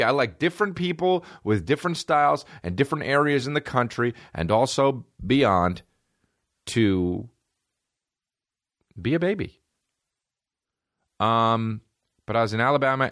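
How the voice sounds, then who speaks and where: A man's voice: mid-range voice, animated, normal speed, long pauses, fairly bright tone, no echo. A man hosting a podcast, talking in a rambling, profane, comedic monologue from a studio. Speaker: podcast host.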